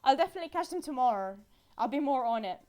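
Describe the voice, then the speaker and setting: A woman giving a casual live-stream recap, animated and giggly, with frequent fillers. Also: high-pitched, quick pace.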